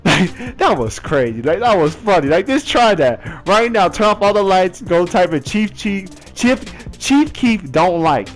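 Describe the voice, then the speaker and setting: Animated young man telling a story. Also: high voice, unhurried, few pauses, soft background music. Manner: animated, laughing, acts out voices and chants. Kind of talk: casual storytime vlog.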